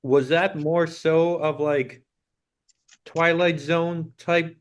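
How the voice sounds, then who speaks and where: A man's voice: on the high side, level tone, drawn-out words. A man co-hosting a podcast, chatting loosely with lots of fillers. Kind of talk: casual chat.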